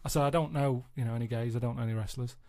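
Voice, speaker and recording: A man telling a rambling story in a deadpan way, chatting casually in a radio studio. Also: medium pitch, rapid-fire. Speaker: radio show regular.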